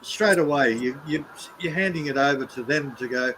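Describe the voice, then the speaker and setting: A man's voice: medium pitch, normal speed, fairly bright tone, a little hiss or hum, rough recording. Blunt, sweary man ranting. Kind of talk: casual chat.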